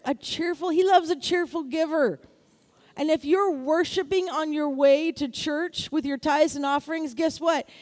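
A middle-aged woman preaching a sermon in a lively, exclaiming way, often asking for amens. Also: sits high. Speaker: pastor.

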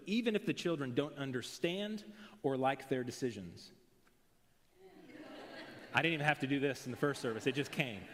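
Earnest preacher in a reverberant hall. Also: male voice, mid-range voice. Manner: earnest preaching with rising emphatic phrases. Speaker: pastor. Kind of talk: sermon. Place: church sanctuary. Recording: long reverb of a large hall.

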